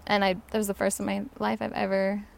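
Young woman, from Utah, podcast guest, earnest, emotional storytelling, mid pitch, some vocal fry. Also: completely flat delivery, fast talker. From Utah, USA. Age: young adult. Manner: earnest, emotional, many "like" fillers. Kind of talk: personal storytelling in a podcast interview.

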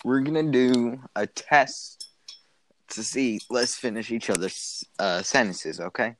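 A man's voice: mid-range voice, unhurried, fairly bright tone, slight background noise. A man in casual chat, throwing in goofy, blunt, slangy remarks. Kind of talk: casual chat, joking interjections.

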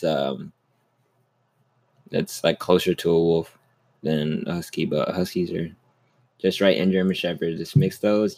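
A man's voice: low voice, a little mellow. A young man hosting a solo podcast, rambling in a casual, upbeat way and swearing a lot. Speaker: podcast host.

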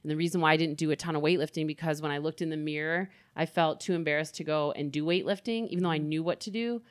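A woman's voice: deep voice, fairly even intonation, quick pace, dry recording. A middle-aged woman, a guest in an interview, speaking candidly and openly about her own life. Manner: candid, open, swearing freely.

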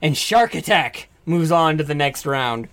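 A woman narrating as game master with a strained voice, animated and prone to shouted character voices. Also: sits low, a little slow. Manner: animated, bursts into shouted announcer and wrestler voices.

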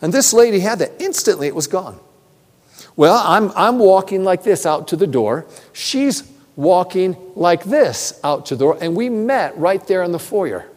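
A man preaching a sermon, telling stories in a conversational, animated way with self-deprecating humor. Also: high-pitched, normal speed. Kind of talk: sermon with storytelling. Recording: long reverb of a large hall.

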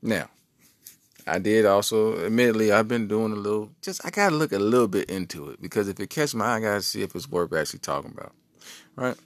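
A man's voice: lowish voice, dry recording. A man hosting a podcast, rambling and joking through comic news stories. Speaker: podcast host. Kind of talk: comedic news commentary.

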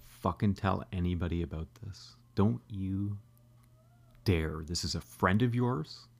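A man's voice: low voice, a little slow, creaky, heavily acted. Man doing a kind protective mother. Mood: tender. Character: kind middle-aged Italian mother, protective.

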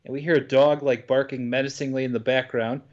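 A man's voice: medium pitch, fairly even intonation, a little fast. A man from the United States recapping a movie in casual podcast chat, dry and wry, swearing freely. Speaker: podcast co-host. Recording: dull lo-fi podcast audio.

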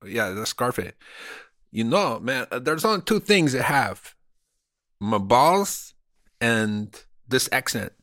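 A man's voice: medium pitch, big pitch swings, a bit bright, dry recording, clean studio sound. A man in his forties voicing a boastful Hollywood insider, with an exaggerated fake movie-gangster Cuban accent and swaggering brags. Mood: bragging. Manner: swaggering, bragging, drawn-out "man" tags.

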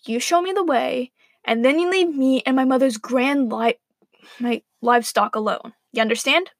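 A woman's voice: high voice, moderate pace, dry recording, studio quality. A woman voicing a snappy, sarcastic young girl in a spoken story.

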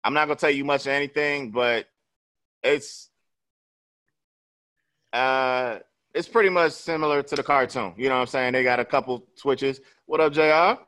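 Podcast guy rambling thru a story, mid pitch, keeps saying you know what im saying. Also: normal speed, pauses often, a bit bright. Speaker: podcast host. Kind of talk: casual storytelling chat.

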